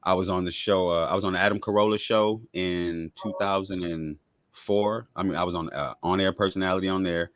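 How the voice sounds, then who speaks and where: Fast-talking man with a deep voice. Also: steady tone, fairly bright tone. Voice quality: deep voice others remark on. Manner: laid-back, self-promoting, quick-talking. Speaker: guest, rapper and podcaster. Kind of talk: casual interview chat.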